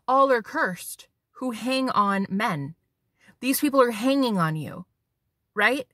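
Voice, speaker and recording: A woman's voice: medium pitch, bright, forceful tone, dry recording, clean studio sound. A woman psychic medium giving a spiritual tarot reading, talking bluntly and preachily and swearing for emphasis.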